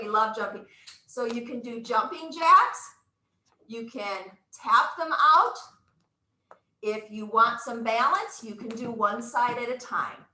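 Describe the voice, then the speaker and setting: A woman instructor coaching a live exercise class, cheering people on with whoops and counting reps. Her voice sits high and sounds bright, and she gets audibly out of breath. It is recorded in an echoey room. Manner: upbeat, encouraging, counts out moves with whoops.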